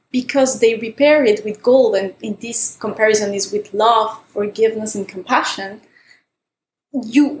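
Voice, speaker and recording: A woman co-hosting a self-help talk, gentle and reflective, repeating key words for weight. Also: on the high side, slight background noise. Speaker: podcast co-host. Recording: roomy echo.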